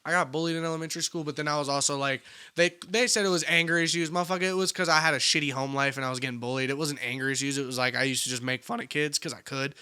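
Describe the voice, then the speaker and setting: A man's voice: fairly high pitch, very fast, clean tone. A young man telling stories in a casual podcast chat, swearing freely. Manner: animated, swears a lot, slips into voices for quotes. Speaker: podcast co-host.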